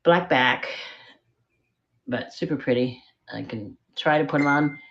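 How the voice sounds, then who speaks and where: This middle-aged woman has a bass voice and an unhurried delivery, and the sound is lo-fi. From a spare room at home, she hosts a live-stream auction of vintage jewelry, chatting and rambling about every piece with a self-deprecating streak.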